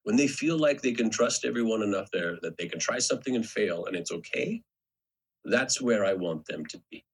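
A man with a deep, raspy, husky voice in relaxed conversation. He tells a story about his work and acts out the people he quotes. His delivery sounds natural and unscripted. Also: normal speed. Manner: storytelling, animated when quoting. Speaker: actor, podcast co-host. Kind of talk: casual conversation.

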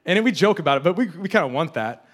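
Young male preacher, higher-pitched, chatty sermon, frequent restarts, playful asides. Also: lively intonation, racing. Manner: casual, repeats and restarts words often, joking asides. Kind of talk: conversational sermon.

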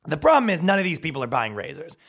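A man in his thirties hosting a podcast, ranting in a heated, profane, comedic way and mimicking people in quick put-on voices. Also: on the high side, huge pitch swings, fairly bright tone, breathy edge. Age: 30s. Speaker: podcast host.

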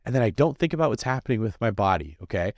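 A man hosting a real estate podcast, talking in an animated, jokey and energetic way, answering listener comments. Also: fairly low pitch, quick pace, no echo, studio quality. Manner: animated, jokey, fidgety delivery. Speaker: podcast host. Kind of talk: energetic casual monologue.

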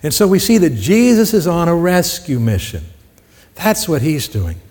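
A man's voice: a little high, big pitch swings, normal speed, a little mellow, big-room sound. A man preaching a sermon in a conversational way, often asking the congregation questions. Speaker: pastor.

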